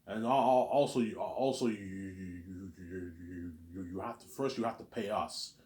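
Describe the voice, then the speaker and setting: A man's voice: low-pitched, normal speed, darkish tone. A man in a rambling, profane monologue, who often stammers and repeats words. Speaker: vlogger. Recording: echoey room.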